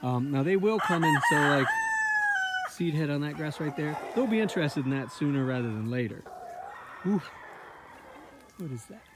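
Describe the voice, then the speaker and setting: Brief: rambling farmer guy, higher pitched and very animated, outdoor recording with a lot of background noise. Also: moderate pace, long pauses. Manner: chatty, talks affectionately to his chickens. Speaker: farmer and video host. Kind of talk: casual walk-and-talk vlog. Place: outdoors in a pasture. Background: chickens clucking and roosters crowing.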